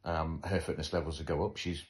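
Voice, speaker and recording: A man with a very low, deep voice talks casually as a podcast host. His manner is wry and joking, and he pokes fun at himself as he chats. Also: level tone, fairly quick. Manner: wry, joking, self-deprecating. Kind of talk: casual chat.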